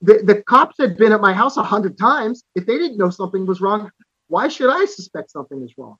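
Male podcast guest from Canada, slightly high voice, earnest personal storyteller, dry and somewhat muffled sound. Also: very animated, fairly quick, sharp tone, husky, dry recording. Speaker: podcast guest, author and musician.

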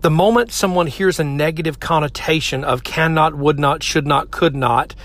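A man's voice: on the high side, moderate pace, a bit bright. A man giving earnest, direct relationship advice to couples, talking straight to the men and the ladies listening. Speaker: relationship speaker. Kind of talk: motivational advice talk.

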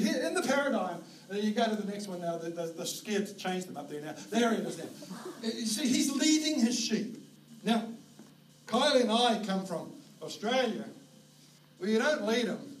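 A man with a New Zealand accent preaching a sermon as pastor, telling stories with animated delivery and shouted herding calls. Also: high-pitched, moderate pace. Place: church auditorium. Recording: roomy, distant hall mic with faint noise.

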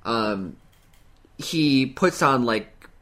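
Rambling casual man, mid-pitched. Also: extremely slow. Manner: relaxed, rambling, frequent likes and laughs. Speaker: podcast co-host. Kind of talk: casual chat.

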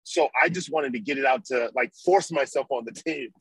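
A man's voice: mid-range voice, a little fast, breathy edge, no echo, poor audio. A middle-aged man, a former pro football player, telling a long story in an interview and acting out what he was thinking back then. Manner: animated storyteller, acts out his own past thoughts.

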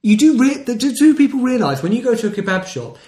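A man's voice: very high-pitched, very animated, a little fast, dark tone. A man from co-hosting a podcast, reading out local news stories with frequent laughter in a casual comic chat. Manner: reads news stories aloud, laughing often. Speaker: podcast co-host. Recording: roomy echo.

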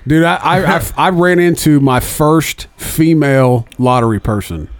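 A man's voice: on the high side, measured pace, dry recording. A man in a casual chat, laid-back, mostly giving short agreeing replies.

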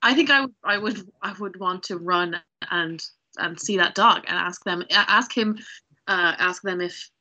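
A woman's voice: fairly low pitch, unhurried, bright, forceful tone, rough recording. A woman playing a tabletop game, hesitant, with many fillers. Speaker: player. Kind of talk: casual tabletop play.

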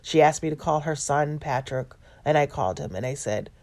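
A middle-aged woman telling a personal story in a halting, self-correcting way. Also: low voice, expressive, darkish tone. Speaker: vlogger.

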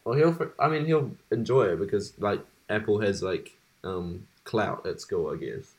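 A man's voice: fairly low pitch, animated, normal speed, darkish tone. Young man rambling and laughing. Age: young adult. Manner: rambling, laughs often, swears casually. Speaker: podcast co-host. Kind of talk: casual chat.

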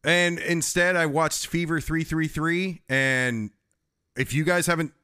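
A man's voice: fairly high pitch, fairly even intonation, a little slow, sharp tone, smooth, no room sound, studio quality. A man chatting casually as a guest on a music podcast, rambling and restarting his sentences, with some swearing. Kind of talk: casual chat.

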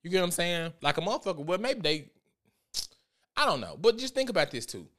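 A man giving casual commentary on a vlog, animated and profane as he tells a story. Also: high voice, brisk. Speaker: vlogger.

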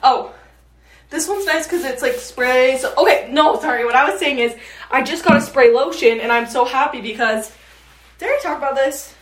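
A woman's voice: sits high, normal speed. A young woman in her late teens, chatting casually as a podcast host and rambling with lots of fillers. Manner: chatty, meandering, frequent fillers. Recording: echoey room, mic at a distance.

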